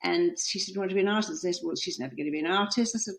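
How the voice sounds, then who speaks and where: A middle-aged woman author, a guest on an interview podcast, telling stories with lively quoted voices. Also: medium pitch, racing, gravelly, few pauses. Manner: animated storytelling, acting out quoted voices.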